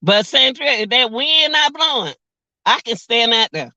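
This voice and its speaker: A woman's voice: fairly high pitch, lively intonation, unhurried, pushed and bright, no room sound, highs cut off. A woman of about forty chatting on her vlog, laughing often and joking, outdoors by a car on a cold windy day. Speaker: vlog host. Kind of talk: casual livestream chat.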